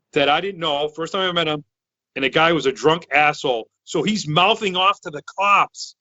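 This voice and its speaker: A man from Massachusetts in his thirties, a podcast co-host telling a long story in a loud, excitable, rambling way, full of restarts. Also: a little high, dry recording, muffled recording. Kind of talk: casual storytelling chat.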